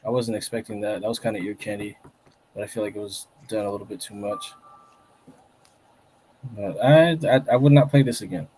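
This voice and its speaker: A man's voice: lowish voice, fairly quick, pauses often, dark tone, a little hiss or hum. Blunt man giving track feedback. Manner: blunt, hesitant restarts. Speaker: co-host reviewing listener tracks. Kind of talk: casual chat.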